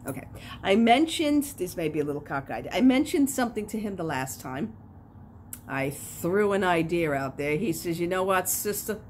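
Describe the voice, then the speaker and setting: A middle-aged woman with a fairly low pitch and a moderate pace tells rambling, animated stories straight to the camera in a casual crafting vlog. Fillers crop up constantly, and slight background noise is present.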